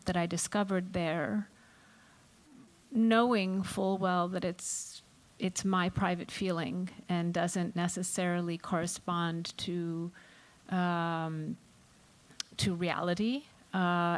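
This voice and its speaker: Woman on a festival panel, kinda low voice, lots of ums and pauses, thinking out loud. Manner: thoughtful, halting, many ums and restarts. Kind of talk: reflective panel talk.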